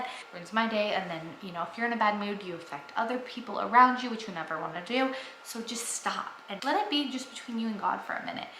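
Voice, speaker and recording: Young woman, bright tone, earnest and chatty, casual vlog, echoey room. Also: mid-range voice, slight background noise. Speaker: family vlogger. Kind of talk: casual faith talk to camera.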